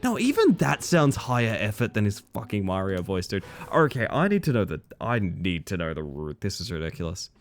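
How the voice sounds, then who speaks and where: A man's voice: on the low side, sing-song, fairly quick, few pauses. A young man streaming a game live, chatting casually with viewers and swearing freely. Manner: casual and profane, reading and answering chat. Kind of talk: casual live-stream chat while gaming.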